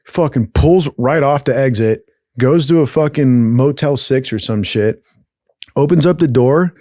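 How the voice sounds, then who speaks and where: A man's voice: medium pitch, measured pace, no echo, studio quality. A young man telling a rowdy story in casual, profane talk, acting out what other people said. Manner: profane, animated, acts out other people's lines. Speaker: podcast host.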